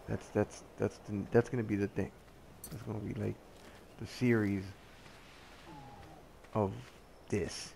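Gravelly man rambling over gameplay. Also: on the low side, measured pace, long pauses, a little hiss or hum. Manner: rambling, joking, easily sidetracked; excitable, yelps when attacked. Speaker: gamer playing a survival game. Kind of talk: casual gameplay commentary.

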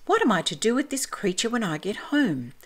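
Polite young storybook girl, prim and earnest, expressive; woman reader. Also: a little high, fairly quick, pitched above the performer's own voice.

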